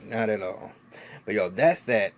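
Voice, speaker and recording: A man giving a casual vlog review of a TV episode, animated and profane, with lots of restarts and laughing asides. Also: lowish voice, unhurried, slight background noise. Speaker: TV show reviewer.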